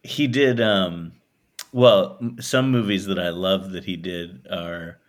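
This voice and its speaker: A man with a lowish voice talks slowly on a podcast. He is wry and swears casually as he chats. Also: fairly even intonation, a little hiss or hum. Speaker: podcast co-host. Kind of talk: casual chat.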